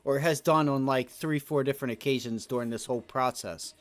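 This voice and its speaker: A man hosting a live day trading stream, giving loose, slangy market commentary that swells into loud rants. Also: medium pitch, fairly quick, faint music behind. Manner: casual slangy talk that rises to loud rants. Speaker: day trading livestream host.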